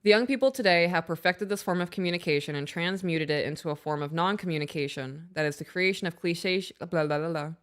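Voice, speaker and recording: A woman in her thirties co-hosting a casual podcast, reading aloud and telling animated stories about her kids. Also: lowish voice, fairly quick, hardly any pauses. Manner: animated storyteller, acts out her own raised voice. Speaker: podcast co-host.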